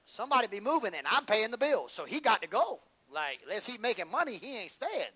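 A man's voice: high voice, sing-song, a little fast, hardly any pauses, sharp tone, slightly rough. A man preaching a sermon, telling humorous stories in folksy slang.

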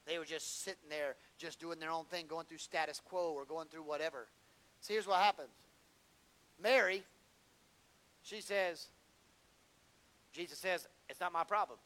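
A man preaching a sermon as pastor, storytelling and building to impassioned shouts. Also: fairly high pitch, steady tone, a little slow, long pauses.

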